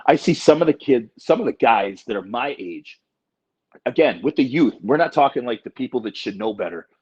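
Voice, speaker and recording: A man in his forties talks in a casual podcast chat, blunt and emphatic, swearing freely. His voice is husky and a little breathy. The recording sounds dull and lo-fi. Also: medium pitch, lively intonation, normal speed, a little mellow. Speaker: podcast co-host.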